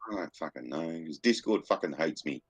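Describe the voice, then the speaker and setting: A man's voice: extremely low pitch, expressive, brisk, breathy edge, dry recording. A man on a stream call, swearing nonstop and sounding frustrated. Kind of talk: casual chat.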